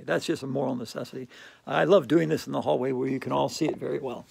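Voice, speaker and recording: A woman's voice: very deep voice, fast, gravelly, a little mellow. A woman teaching a playful yoga lesson at home, chatty and silly. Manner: silly, chatty, breaks into singing. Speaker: yoga instructor. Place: home hallway.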